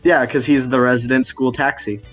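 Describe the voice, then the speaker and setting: A man's voice: mid-range voice, steady tone, fairly quick, muffled recording, soft background music. A man playing a tabletop game, joking in a laid-back way. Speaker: player. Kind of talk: casual tabletop play.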